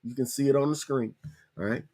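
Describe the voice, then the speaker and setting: A man hosting a podcast, casually walking viewers through a screen-share tutorial, repeating himself and spelling things out slowly. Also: mid-range voice, steady tone, darkish tone, husky. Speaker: podcast host.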